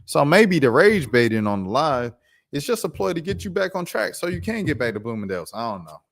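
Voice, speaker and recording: A man hosting a casual live commentary stream, talking in an animated, mocking way. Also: fairly high pitch, brisk, vocal fry. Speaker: commentary channel host.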